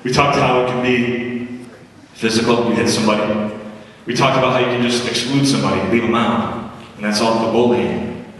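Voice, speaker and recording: An energetic man tells comic stories to a school assembly and acts out the voices in them. His voice rings through a large hall with a long echo. He sounds distant from the mic. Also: medium pitch, normal speed. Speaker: motivational school speaker. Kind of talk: comic storytelling to students. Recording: echoey school hall from far off.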